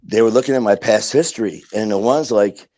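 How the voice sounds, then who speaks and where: Podcast guest: man, lowish voice, blunt and profane, acts out quoted dialogue. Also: a little fast, dark tone. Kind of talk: casual storytelling.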